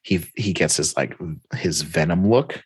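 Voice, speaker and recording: A man's voice: deep voice, expressive, measured pace, breathy edge, no echo. A man in casual chat, animatedly retelling a comic storyline and acting out the characters' lines.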